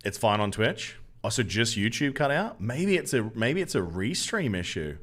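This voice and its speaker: A man's voice: medium pitch, sing-song, normal speed, a bit bright. A young Australian man streaming a mobile game, joking loosely with viewers and answering the chat as he plays. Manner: jokey, loose banter, reads out chat and answers.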